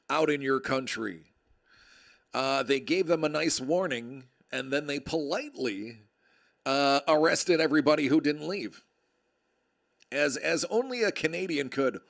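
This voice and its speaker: Gravelly man chatting on a livestream. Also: fairly high pitch, expressive, a little slow, a bit bright. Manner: rambling, joking, chatting with viewers. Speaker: card break livestream host. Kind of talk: casual chat.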